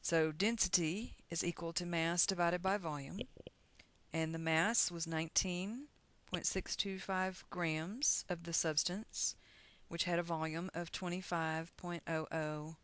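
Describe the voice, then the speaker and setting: Chatty woman teacher, lowish dry voice. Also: fairly even intonation, measured pace, fairly bright tone, clear, resonant tone, no room sound. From United States. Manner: chatty, encouraging, talks through calculations aloud. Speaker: chemistry teacher. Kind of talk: recorded lecture.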